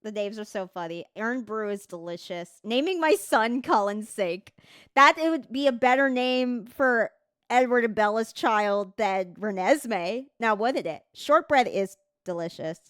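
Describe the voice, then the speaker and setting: A woman livestreamer in casual chat, reading text aloud at an unhurried pace. Her voice is smooth and clear, recorded close and dry with no room sound. She swears easily and trips over words as she reads. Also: a little high, expressive, fairly bright tone, no room sound.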